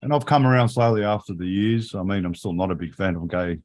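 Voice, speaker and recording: A man's voice: low-pitched, fast, a little mellow. A man speaking frankly in a casual livestream chat, rambling and agreeing often. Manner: rambling, frank, says yeah a lot.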